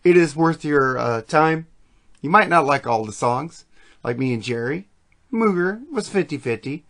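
A man hosting a podcast chats loosely about music, swearing and rambling with plenty of enthusiasm. His voice sits a little high and has a gravelly, fried texture. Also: animated, moderate pace, fairly bright tone. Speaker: podcast host. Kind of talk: casual music chat.

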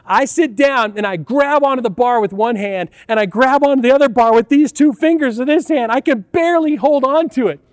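A man's voice: very high voice, a little fast, few pauses, no echo, clean studio sound. A man in his fifties, a pastor telling a personal story in a conversational sermon, often addressing the audience as "you guys". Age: 50s.

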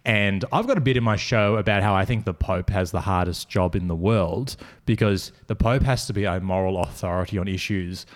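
A man's voice: low-pitched, brisk, few pauses. An Australian man hosting a podcast, telling stories in a casual, laughing way. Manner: laughing, storytelling. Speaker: podcast host. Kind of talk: casual chat.

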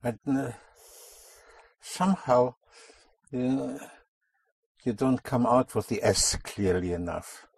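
Man, language teacher, slow speech, slightly husky, dry close sound. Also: mid-range voice. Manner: patient, repeats answers back slowly. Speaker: Spanish teacher. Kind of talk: language lesson.

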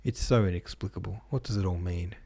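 A man's voice: low-pitched, fairly quick, dark tone, breathy edge. Man reading as a pleading, heartbroken young woman. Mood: tearful.

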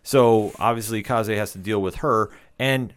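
A man's voice: on the low side, measured pace, clean tone. A man co-hosting a podcast, retelling an episode in casual, enthusiastic chat with lots of fillers. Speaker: podcast co-host.

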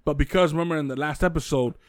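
A man hosting a casual podcast, retelling a true-crime story in a loose, filler-heavy way with quick acted quotes. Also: on the high side, dry recording, studio quality. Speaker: podcast host telling the case.

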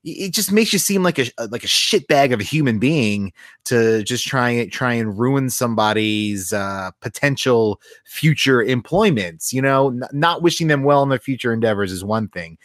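A man's voice: mid-range voice, dry recording, clean studio sound. A man co-hosting a podcast, talking casually and indignantly, with lots of restarts and swearing. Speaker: podcast co-host.

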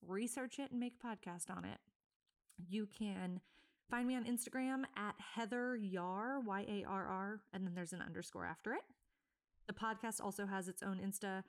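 A woman's voice: medium pitch, moderate pace. Chatty, breathless woman podcast host. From Virginia, USA. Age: 30s. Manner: chatty and rambling, many fillers and self-corrections. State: a bit out of breath. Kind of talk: casual solo podcast intro.

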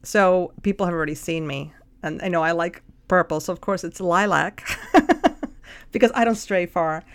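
A woman co-hosting a podcast, chatting casually and telling animated stories. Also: on the low side, normal speed. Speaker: podcast co-host. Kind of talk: casual chat.

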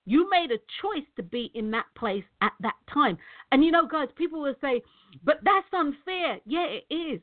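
Emphatic middle-aged woman, motivational speaker, high voice, repetitive, tinny phone-quality audio. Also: expressive, normal speed. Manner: emphatic, repeats words, addresses viewers as guys. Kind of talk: direct-to-camera motivational talk.

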